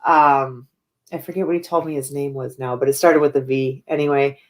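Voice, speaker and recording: A woman's voice: a bass voice, fairly even intonation, a little fast. A woman who owns a haunted house, telling her ghost-hunting stories in a casual chat with lots of fillers and restarts. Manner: chatty, many fillers and restarts. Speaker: haunted house owner and paranormal investigator. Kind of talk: casual storytelling interview.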